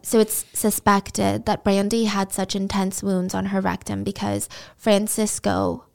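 A woman's voice: mid-range voice, flat delivery, a little slow, gravelly. Woman retelling a true crime case. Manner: conversational, indignant asides. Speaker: podcast host.

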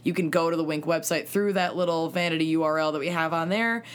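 A woman co-hosting a podcast with friends, quick to laugh and throw in exaggerated jokes. Her voice sits a little low for a woman. She slips easily into reading an ad. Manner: laughing, jokey, exaggerated asides. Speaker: podcast co-host. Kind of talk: casual chat and ad read.

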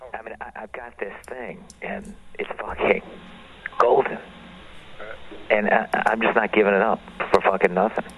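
A man doing a gruff, greedy politician. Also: fairly low pitch, steady tone, moderate pace, phone-quality sound, slight background noise. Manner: gruff, profane, stammering boast. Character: corrupt male politician bragging about a prize.

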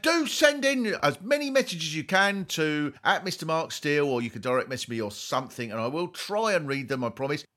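A man hosting a comedy podcast, delivering dry mock-serious monologues and dropping his voice low for jokes. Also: animated, a little fast, hardly any pauses, bright, forceful tone.

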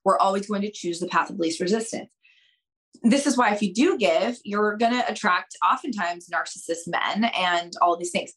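A woman speaking as a podcast guest and dating coach. She talks straight to her listeners, stresses her points, and acts out conversations with big jumps in pitch. Her pace moves between quick bursts and slow, drawn-out emphasis. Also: a bit bright, rough recording.

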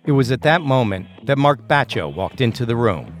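A man delivering measured, scripted narration for a true-crime podcast. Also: medium pitch, big pitch swings, soft background music.

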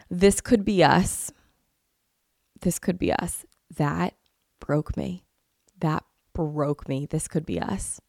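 Young woman host with a cold, effusive and gushing, low gravelly voice, dry close sound. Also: a little mellow, no echo. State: has a cold, sniffling. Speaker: podcast host. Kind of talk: casual chat.

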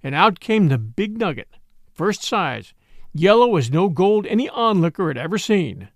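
Expressive male audiobook narrator. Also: sits high, moderate pace, dry recording, clean studio sound. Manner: expressive storytelling.

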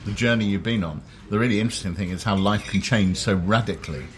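A London man with a lowish voice hosts a casual chat over a restaurant meal, telling wry, self-deprecating stories at a fast pace. Cutlery and dishes clatter in the background, and there's a slight hiss or hum.

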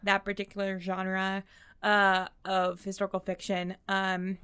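A woman's voice: mid-range voice, completely flat delivery, fairly bright tone, smooth. A woman co-hosting a podcast in casual chat, upbeat and chatty. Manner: upbeat, chatty, quick laughs. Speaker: podcast co-host.

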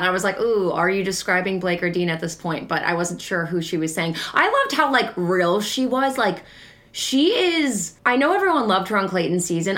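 A woman co-hosting a podcast, gossiping in a casual, animated way with lots of fillers. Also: medium pitch. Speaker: podcast co-host. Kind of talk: casual recap chat.

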